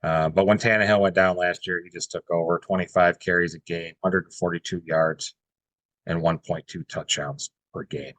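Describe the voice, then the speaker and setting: Deep-voiced dude chatting loose on a podcast, dry close mic. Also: male voice, steady tone, normal speed, fairly bright tone, no room sound. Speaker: podcast co-host. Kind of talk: casual sports podcast chat.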